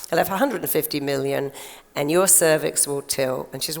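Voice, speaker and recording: A woman's voice: low-pitched, fast, gravelly. An older woman giving a chatty stage talk to a live audience, telling stories and acting out quotes. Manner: chatty, storytelling, acts out quotes. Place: large conference hall. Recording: long hall reverb.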